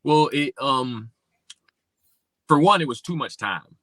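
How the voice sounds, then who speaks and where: A man from Pennsylvania, a podcast guest telling his life story and acting out remembered dialogue with big swings in pitch. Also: expressive, slow, pushed and bright, no room sound. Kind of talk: personal storytelling in an interview.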